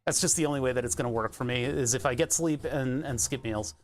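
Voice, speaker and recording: A man's voice: medium pitch, fast talker. A man streaming live, chatting casually and thinking aloud as he pedals an exercise bike, laughing often. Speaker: Twitch streamer.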